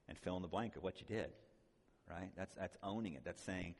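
Man, low-pitched, conference talk, conversational teaching, checks in with the crowd, long hall reverb. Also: steady tone, normal speed. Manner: conversational, checks in with "right?" and "okay?", joking asides. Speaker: conference speaker teaching on biblical counseling.

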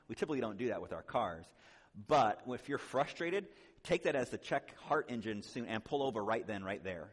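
A man's voice: mid-range voice, animated, brisk, breathy edge, big-room sound. A man speaking at a conference, teaching in a conversational way, often checking in with "right?" and adding joking asides. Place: conference hall.

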